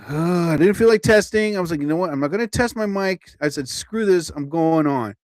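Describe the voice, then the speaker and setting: A man's voice: fairly high pitch, fairly quick, darkish tone, no room sound, studio quality. A man doing a casual, rambling livestream from home, chatty and self-interrupting, laughing at himself and yawning a little. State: yawning, a bit tired. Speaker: comedian livestreaming. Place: at home, TV on overhead. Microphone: phone or computer mic, livestream.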